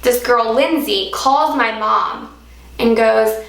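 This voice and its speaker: Brief: young woman vlogger from Alaska, slightly high and gravelly, chatty story-time, echoey room. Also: slow, a bit bright. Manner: chatty, heavy use of "like". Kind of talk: casual story-time monologue.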